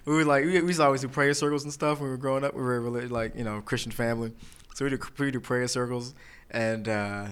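A man's voice: mid-range voice, steady tone, fast, fairly bright tone, clear, resonant tone. A man telling stories in a loose, casual chat, swearing and laughing through them.

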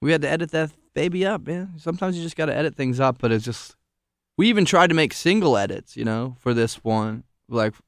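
A man's voice: fairly high pitch, expressive, a little fast, dry recording, studio quality. A man, a musician guest on a podcast, talking in a laid-back, rambling way, full of filler words. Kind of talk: casual interview chat.

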